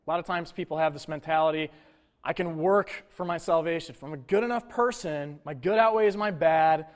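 Conversational male pastor, slightly high voice. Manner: conversational preaching with asides and quick impressions. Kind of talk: sermon.

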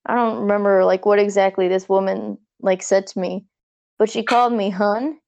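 A woman's voice: mid-range voice, fairly even intonation, normal speed, vocal fry, darkish tone. A woman chatting casually on a podcast, telling anecdotes with frequent giggles. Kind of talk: casual chat.

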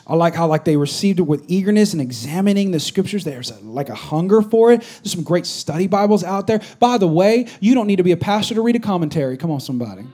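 A man preaching a conversational sermon as a pastor to a congregation, swinging from loud exhortation to quiet asides. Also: sits high, expressive, quick pace, hardly any pauses. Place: church stage before a congregation.

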